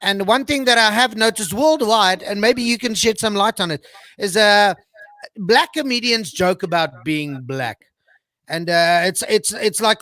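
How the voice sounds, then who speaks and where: A man interviewing casually over a video call, easygoing and quick to laugh. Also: high voice, sharp tone, no room sound. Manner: easygoing, laughs often, slang-heavy.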